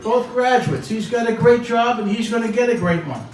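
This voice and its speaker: A man's voice: very high-pitched, normal speed, darkish tone, a little hiss or hum. A man giving an emphatic, motivational speech at a banquet and repeating his points for stress. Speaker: banquet speaker. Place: banquet hall. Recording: echoey hall from far off, faint ambience.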